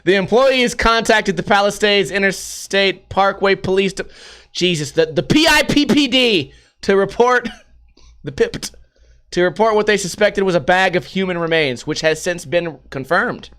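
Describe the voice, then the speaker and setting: A man with a high, bright voice hosts a casual news-commentary podcast. He jokes and curses freely as he goes, and breaks into laughter often. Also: lively intonation, normal speed, clear, resonant tone. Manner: profane and joking, laughs often. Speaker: podcast host.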